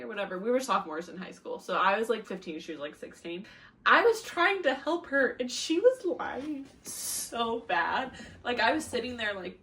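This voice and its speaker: A woman's voice: a little high, sing-song, measured pace, a bit bright. A young American woman, audibly drunk, rambles through a casual vlog. She swears freely, laughs at her own stories and mocks herself while she talks. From United States. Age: young adult. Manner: rambling, laughing, crude and self-mocking. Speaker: vlogger.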